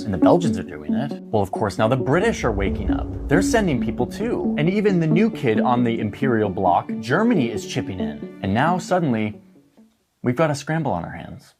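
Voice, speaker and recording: Casual slangy male history narrator. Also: medium pitch. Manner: casual, slangy, uses "like" often. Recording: guitar music playing behind.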